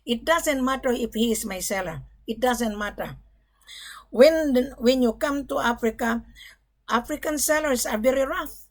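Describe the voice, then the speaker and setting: A woman's voice: on the high side, a little slow. A middle-aged woman gold broker talking to camera in a blunt, emphatic monologue, often swearing "bloody".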